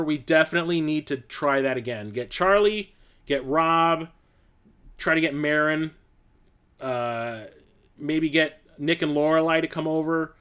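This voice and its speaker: A young adult man hosting a casual live-stream chat, rambling through stories and laughing often. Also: a little high. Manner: rambling storyteller, laughs often, acts out quotes loudly.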